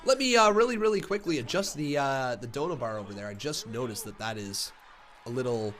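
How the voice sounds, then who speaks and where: A man streaming live, chatting with viewers and reacting loudly to wrestling as it happens. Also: mid-range voice, a little fast. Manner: loud excitable shouting calls; chatty, reads viewer comments.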